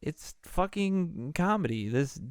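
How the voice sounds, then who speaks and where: A man hosts a casual movie podcast and rambles loosely through the plot, swearing freely as he goes. He talks slowly in a clean, clear voice. The sound is dry and close, with no room around it. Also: a little high, expressive, dry recording. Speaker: podcast host.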